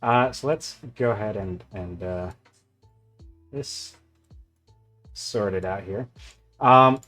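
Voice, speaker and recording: Easygoing male game master, slow and rambling, faint music behind. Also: on the low side, fairly bright tone. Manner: rambling, filler-heavy, easygoing. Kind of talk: narrating a tabletop game.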